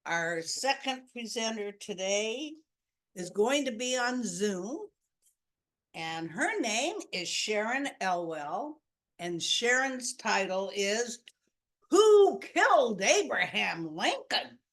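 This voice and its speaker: Woman host introducing speakers, slow, cheerful, lively rather high voice. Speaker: event host. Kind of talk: introducing presenters.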